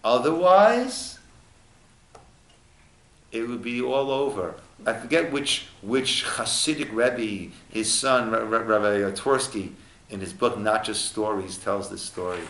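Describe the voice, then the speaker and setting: A male rabbi teaching an informal study class, unhurried and acting out little dialogues as he explains. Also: fairly low pitch, a bit bright. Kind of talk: informal text study lesson. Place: echoey room at a lunch study group. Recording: roomy echo.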